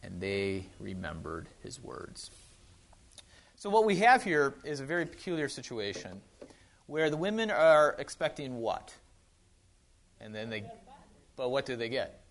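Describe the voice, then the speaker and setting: A man's voice: mid-range voice, big pitch swings, unhurried, pauses often, fairly bright tone, slight background noise. A man with a Wisconsin accent giving a casual sermon, chatty with joking asides and frequent restarts. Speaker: pastor.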